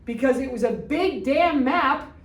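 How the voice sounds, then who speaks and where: A woman's voice: sits high, lively intonation, measured pace, a little hiss or hum. Older lady lecturing a class, blunt, fires questions at students, sounds far off in a roomy space. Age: 60s. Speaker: history teacher. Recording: echoey room, distant mic.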